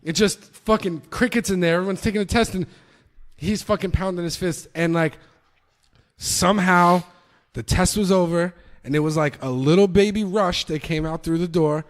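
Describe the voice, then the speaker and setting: A young man from New York telling a story in a casual podcast chat, animated and profane, acting out the voices of people in it. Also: sits high, normal speed. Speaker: podcast guest.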